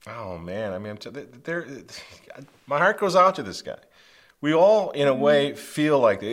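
A man's voice: medium pitch, sing-song, moderate pace, a bit bright. A man hosting a political commentary, speaking emphatically in a preachy way and repeating phrases for stress. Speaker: commentary host.

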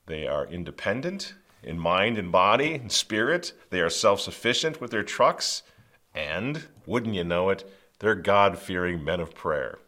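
A man's voice: low-pitched, big pitch swings, measured pace, sharp tone. A man hosting a political commentary, speaking emphatically in a preachy way and repeating phrases for stress. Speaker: commentary host.

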